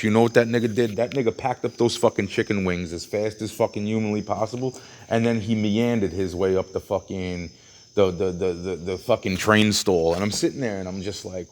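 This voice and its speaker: A man's voice: lowish voice, fairly even intonation, moderate pace, slight background noise. A man telling a long story in a ranting monologue, swearing heavily, restarting his sentences and acting out quotes. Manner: heavy swearing, frequent restarts, acts out quotes. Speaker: vlogger. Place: outdoors at a train station at night.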